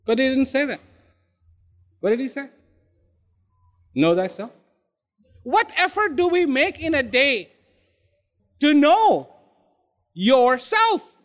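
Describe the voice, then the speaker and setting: A man giving an inspirational talk to an audience. He is emphatic, repeats key words and uses dramatic pauses. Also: very high voice, very animated, fairly bright tone. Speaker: speaker. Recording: long hall reverb.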